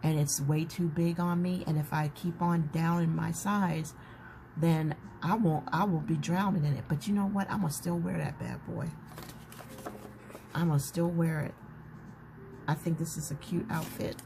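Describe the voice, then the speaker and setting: Low-voiced chatty woman. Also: fairly even intonation, moderate pace, vocal fry. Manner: chatty, warm-hearted, talks to viewers as "y'all". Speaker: journaling vlogger. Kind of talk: casual chat. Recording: noticeable background noise.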